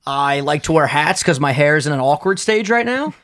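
Young male podcast co-host, animated and profane, lively pitch. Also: a little fast. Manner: animated, profane storyteller who laughs a lot. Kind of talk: casual podcast banter.

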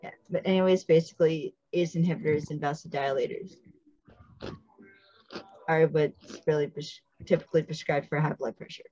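A woman's voice: sits low, little pitch movement, normal speed, dark tone, no room sound, highs cut off. A woman hosting a podcast, recapping a TV episode in casual chat and stopping to explain details with asides. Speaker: podcast host.

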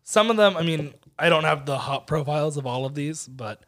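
A man's voice: a little high, expressive, fairly quick, a bit bright. A man co-hosting a casual beer-tasting podcast, thinking aloud with fillers. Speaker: podcast co-host.

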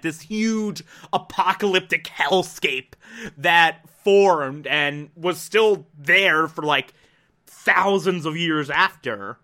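A man giving casual, rambling commentary, excitable and laughing often, with many fillers. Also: high voice. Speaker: reviewer.

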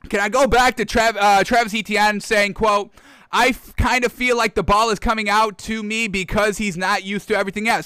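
A man hosting a football talk show, ranting in a heated, animated way and calling out to his folks, close on a studio mic. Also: high-pitched, smooth, dry recording. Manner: heated, animated, keeps addressing the audience as folks. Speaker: sports show host. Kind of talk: casual football rant. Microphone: close studio microphone.

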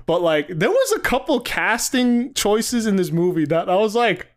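A man's voice: high-pitched, very animated, normal speed. A man co-hosting a podcast in casual chat, rambling with many fillers and frequent laughter. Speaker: podcast co-host.

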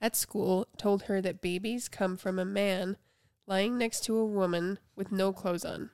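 A woman's voice: mid-range voice, fairly even intonation, a little slow, a little mellow, smooth, no room sound, clean studio sound. A woman in her thirties co-hosting a podcast, reading listener stories aloud and laughing along. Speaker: podcast co-host. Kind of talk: casual chat.

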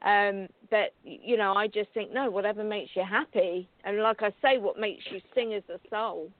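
A woman's voice: mid-range voice, moderate pace, no room sound. A British woman co-hosting a call-in radio show, chatting casually with fillers and restarts. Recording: dry phone-like line.

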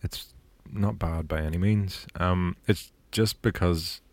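A man on a film podcast panel, hesitant and soft-spoken. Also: deep voice, fairly even intonation, slow pace, no echo. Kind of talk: casual film discussion.

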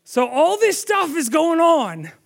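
A man preaching a sermon, telling the story with animated storytelling and asking the audience questions. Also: extremely high pitch, slow, gravelly.

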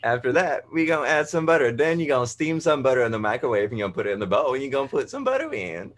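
Guy doing a goofy tv cooking host bit, hammy and mock-cheery, a bit higher than his usual. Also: very animated, very fast, fairly bright tone. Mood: mock-cheerful. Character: over-the-top male TV cooking show host.

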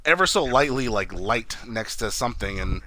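A man's voice: medium pitch, expressive, moderate pace, pushed and bright, a little hiss or hum. A man casually recapping a TV episode, rambling and swearing, laughing often and acting out the scenes. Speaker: podcast co-host.

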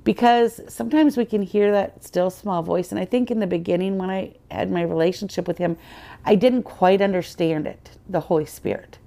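A woman's voice: mid-range voice, normal speed, vocal fry, warm tone. A woman guest on a podcast, earnestly telling her personal faith story in conversation and acting out the dialogue she quotes.

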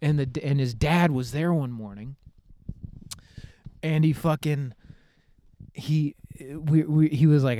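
A young man, telling a comedic story on his podcast in a rambling, profane, animated way. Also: a little high, takes it slowly, long pauses, a little hiss or hum. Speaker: podcast host.

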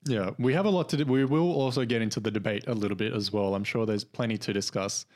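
The voice here is lowish, fast and a bit dark, belonging to a young man co-hosting a podcast. His casual chat rambles along, packed with fillers and restarts.

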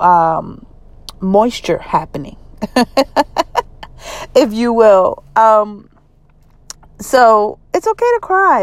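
A middle-aged woman talking casually to her viewers in a vlog, chatty and emphatic, with sudden jumps in pitch. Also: no room sound. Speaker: vlogger.

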